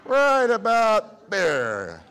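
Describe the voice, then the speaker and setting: Give me a man playing a casual, unhurried God talking from heaven, a bit raised in pitch. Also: wildly swooping pitch, fairly bright tone, slight background noise, heavily acted. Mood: offhand. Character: easygoing male God in heaven, casual and offhand.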